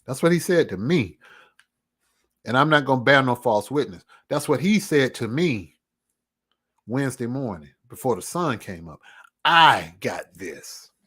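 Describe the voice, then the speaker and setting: A man vlogging a personal testimony in an earnest, reflective storytelling manner, casual in speech and at times dropping to a near hush. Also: mid-range voice, big pitch swings, normal speed, pauses often, husky.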